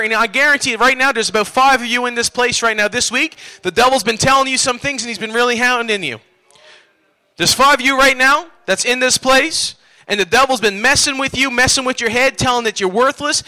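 A man's voice: very high-pitched, pushed and bright, low-quality recording. A man preaching a revival sermon in a church service, exhorting the congregation in call-and-response style.

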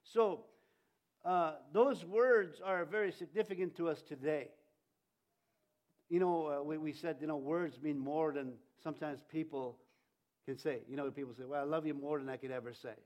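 A middle-aged male pastor giving a conversational Easter sermon, animated with jokey asides and audience questions. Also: on the high side, normal speed.

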